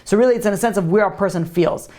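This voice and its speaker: A man's voice: sits high, very fast, mellow. A male rabbi leads a religious class and answers questions from students. He talks casually, easing into a parable before drawing out its lesson. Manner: informal, conversational storyteller.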